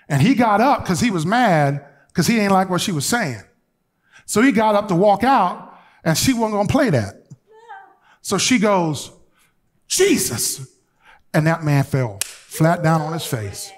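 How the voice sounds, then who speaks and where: A man preaching a sermon as bishop to his congregation, telling stories with colloquial asides and moving between loud, lively passages and quiet, hushed urging. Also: high voice, a little slow.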